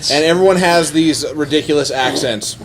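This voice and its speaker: A man's voice: fairly high pitch, moderate pace, background noise. A man co-hosting a casual comics podcast, rambling through plot summaries and laughing often. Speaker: podcast co-host reviewing comics. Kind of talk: casual chat.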